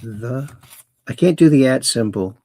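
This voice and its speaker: A man's voice: medium pitch, lively intonation, unhurried, dark tone. A man hosting a casual call-in livestream, chatty and rambling as he reads viewer messages aloud. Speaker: host.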